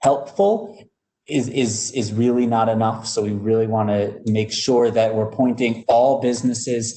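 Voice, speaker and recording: A man with a warm, mellow voice hosts a webinar question round. He reads out viewers' questions in a friendly way, with frequent ums and restarts. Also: medium pitch, steady tone, unhurried, low-quality recording. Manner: affable, reading out questions with fillers. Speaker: webinar moderator. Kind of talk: moderating a webinar Q&A.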